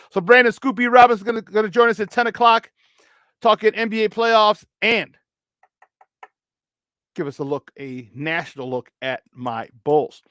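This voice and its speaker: A man with a Chicago accent hosting a morning sports talk show, loose and joking as he gives hyped shout-outs to listeners. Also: high voice, a little slow, long pauses, dry recording, studio quality. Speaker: sports talk radio host.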